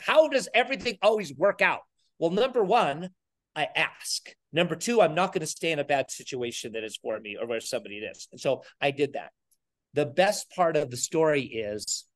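A middle-aged man tells a story as a guest in an interview. He is energetic and animated, acting out the people in it, and his voice sits a little high for a man. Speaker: podcast guest, entrepreneur.

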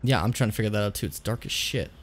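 A man's voice: fairly low pitch, racing, slight background noise. A man coaching a video game player on a livestream, swearing casually, teasing, and laughing often.

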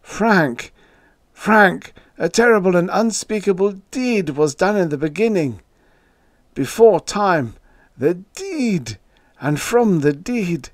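A man's voice: mid-range voice, measured pace, no room sound, clean studio sound, natural voice. A man voicing a shrieking, haunted madman. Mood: shrieking terror. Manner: swings between shrieks and hoarse moans. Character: terrified man haunted by unseen horrors, hysterical. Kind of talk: audiobook character voice.

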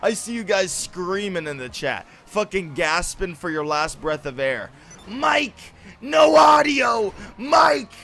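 A man with a lisp, a game streamer yelling and swearing in bursts of rage during live gameplay commentary, on a cheap mic that cuts out when he gets loud. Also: a little high, normal speed, few pauses. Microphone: cheap mic that cuts out on loud shouts.

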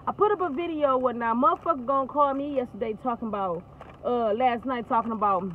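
A woman's voice: a little high, quick pace. A woman venting in casual, profane talk on a phone call, laughing often. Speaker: vlogger. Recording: tinny phone line, faint noise.

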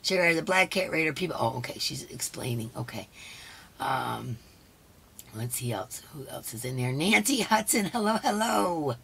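A hoarse woman hosting a casual live stream. She chats along and greets each viewer by name. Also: low voice, lively intonation, moderate pace, fairly bright tone, a little hiss or hum. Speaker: livestream host.

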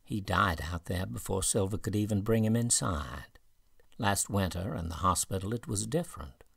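A man voicing a gentle, steady middle-aged woman who speaks in a measured way in an audiobook. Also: deep voice, vocal fry, slightly rough, no room sound, full character voice.

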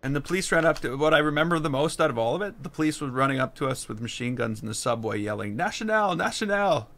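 A man's voice: medium pitch, quick pace, a bit bright, a little hiss or hum. A man from Canada chatting casually while playing a park-building game, rambling and easily frustrated. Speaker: gaming streamer. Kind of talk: casual let's-play commentary.

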